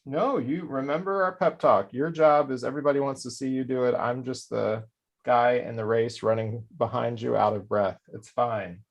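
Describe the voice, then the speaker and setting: A man's voice: medium pitch, fairly even intonation, moderate pace, gravelly, highs cut off. A man hosting a casual craft livestream, joking around and reading out viewer comments. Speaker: host. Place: Orlando.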